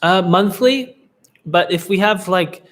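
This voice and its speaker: A man's voice: sits high, slow pace, fairly bright tone. A laid-back young man hosting a live Q&A, giving casual business advice with lots of fillers and restarts. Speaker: livestream Q&A host, agency coach.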